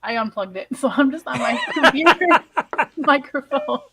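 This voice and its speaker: A woman's voice: high-pitched, animated, normal speed, noisy background. A woman from Georgia, raised in Buffalo, co-hosting a talk show in an easygoing, giggly way. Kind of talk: casual chat.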